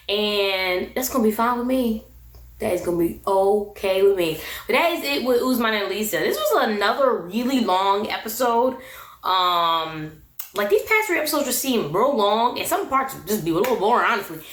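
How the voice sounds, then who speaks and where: A woman's voice: mid-range voice, animated, moderate pace, fairly bright tone, reverberant. A woman casually recapping a reality TV episode, opinionated and slangy, often breaking into laughter. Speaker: recap and review vlogger.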